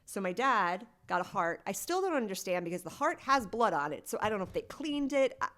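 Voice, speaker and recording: A woman's voice: mid-range voice, sing-song, brisk, a bit bright. A woman guest on a podcast, telling a personal story in a candid, conversational way with lots of "like.". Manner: candid and conversational, heavy use of "like".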